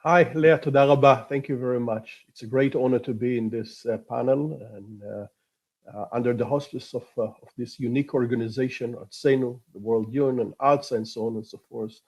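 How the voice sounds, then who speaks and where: Hesitant husky Israeli man. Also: medium pitch, fairly even intonation, a little mellow, low-quality recording. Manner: hesitant, many drawn-out uh fillers. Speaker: rabbi, panelist. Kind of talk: personal storytelling on a live panel.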